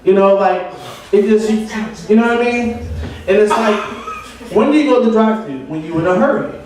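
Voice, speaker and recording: Stand-up comic, male, higher voice, rambling rants; echoey room, mic at a distance, crowd audible. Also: expressive, fairly quick, darkish tone, slight background noise. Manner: rambling, ranting storytelling. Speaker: open mic comedian. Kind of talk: stand-up comedy. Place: open mic venue with audience. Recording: echoey room from far off, audience.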